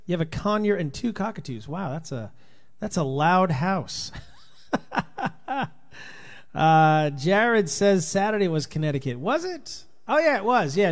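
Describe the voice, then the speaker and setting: A man from Rhode Island hosting a casual livestream, greeting viewers by name in a loose, rambling way. His voice is tired and worn out from touring. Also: a little high. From Rhode Island, USA. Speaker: livestream host and touring Christian musician. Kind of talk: casual live chat reading viewer comments.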